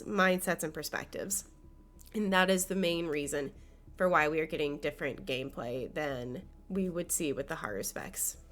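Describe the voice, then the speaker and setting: A woman's voice: lowish voice, a bit bright. A young woman hosting a video essay, talking in an earnest, enthusiastic way while sick, with a nasal, congested voice. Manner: earnest, enthusiastic, with occasional fillers. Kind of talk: scripted video essay commentary.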